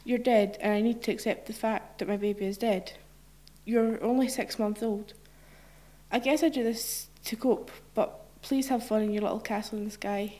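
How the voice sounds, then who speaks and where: A woman reading a short story in the form of a letter, in a quiet, solemn way. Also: on the high side, steady tone, normal speed.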